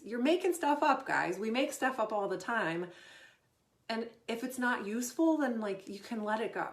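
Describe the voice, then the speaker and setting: A middle-aged woman coaching in a loose, chatty way, full of little fillers. Her voice sits at an ordinary pitch for a woman. The room around her rings with a noticeable echo. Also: expressive, moderate pace. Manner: chatty, conversational, many fillers. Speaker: performance coach. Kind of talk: casual Q&A advice talk.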